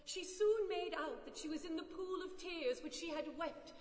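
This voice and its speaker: A woman reading a children's story aloud expressively, with animated loud bursts, in an echoey room. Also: very high-pitched, normal speed. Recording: echoey room with long reverb.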